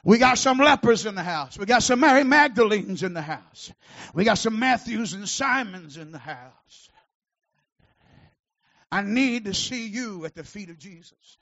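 Pastor guy preaching loud, real high voice, gravelly, kinda muffled lo-fi sound. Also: expressive, measured pace. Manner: shouting, preaching with rising fervor. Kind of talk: sermon.

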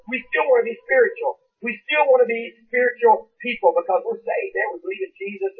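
A man's voice: high voice, slightly rough. A man preaching a sermon in a church, telling stories in a folksy, rambling way with many restarts. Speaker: pastor. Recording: far from mic, phone-like band.

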